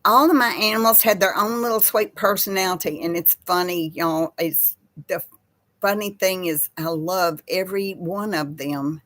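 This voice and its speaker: An older woman chatting casually with live viewers in a slow, folksy way. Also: on the low side, fairly even intonation, a bit bright. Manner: slow folksy talk, baby voice to her pets. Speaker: host of a live chat with viewers. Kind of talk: casual live-stream chat reading viewer comments.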